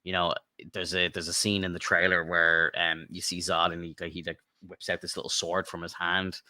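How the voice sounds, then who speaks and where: Deep-voiced excitable podcast guy. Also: moderate pace, no room sound, studio quality. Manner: excited, swearing, rambling fanboy talk. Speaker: podcast co-host. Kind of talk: casual chat.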